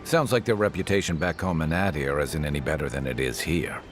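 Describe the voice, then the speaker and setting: An actor playing a roguish former soldier and sailor companion in a game, with dry joking banter. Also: male voice, brisk, faint music behind. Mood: wry. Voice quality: very deep, slightly filtered.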